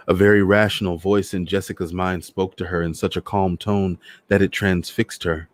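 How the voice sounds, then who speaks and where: A man hosting a storytime show, reading a novel aloud in a measured, dramatic way. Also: deep voice, level tone, no echo. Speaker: storyteller host.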